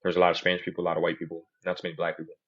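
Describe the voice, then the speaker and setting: A man's voice: deep voice, monotone, racing, dull audio. A man hosting a podcast in casual chat, telling stories animatedly and mimicking other people's voices in quotes. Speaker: podcast host.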